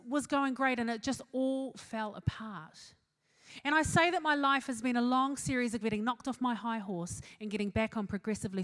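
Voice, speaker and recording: A woman's voice: a little high, fairly bright tone. A woman in her forties with a New Zealand accent, giving a humorous talk to an audience, chatty and self-mocking, laughing at her own jokes. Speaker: speaker.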